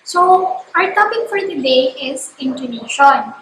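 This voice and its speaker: Slow, high-voiced woman teaching a lesson. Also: animated. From Philippines. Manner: clear, deliberate, exaggerated intonation examples. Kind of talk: slow classroom lesson with repeat-after-me drills. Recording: echoey room, faint background hiss.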